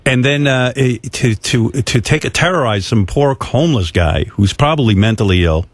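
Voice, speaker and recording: A man's voice: mid-range voice, expressive, normal speed, dry recording. A man hosting a talk show rants bluntly and curses freely. His voice sits in a middle range. The sound is dry and close. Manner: blunt, profane, scornful. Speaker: radio host.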